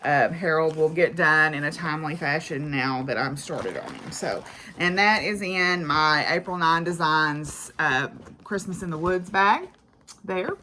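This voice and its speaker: A woman's voice: low voice, unhurried, bright, forceful tone, slight background noise. A woman vlogging casually about her craft projects, chatty and rambling, with frequent fillers.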